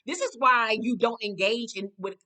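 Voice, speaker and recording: A woman's voice: fairly high pitch, normal speed, pushed and bright. A woman giving a blunt, profane, casual recap of a reality TV episode, talking like an exasperated friend. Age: adult.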